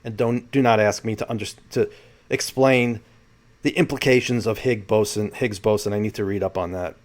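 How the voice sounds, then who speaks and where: A man's voice: on the low side, steady tone, moderate pace. Wry man reading out a transcript. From New York. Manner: wry asides, reads out quotes. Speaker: host. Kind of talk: commentary on a panel transcript.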